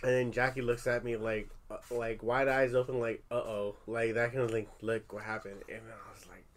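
A man in his thirties chats casually with his family on a podcast, telling a story candidly with plenty of swearing and filler words. He is a parent, and his delivery is animated. His voice is medium-pitched and brisk.

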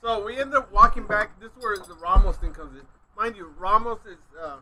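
A man casually telling a profane, animated story among friends, acting out what others said. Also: high voice, brisk, crowd noise, low-quality recording. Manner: profane, animated, acts out quotes. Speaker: podcast co-host telling a story.

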